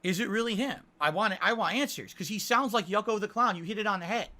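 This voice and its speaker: A man's voice: sits high, fast talker, pushed and bright. A man hosting his own livestream, reading viewer messages and answering them defensively, often asking "right?". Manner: defensive, talks to chat with frequent "right?". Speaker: streamer answering chat. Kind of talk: casual livestream chat.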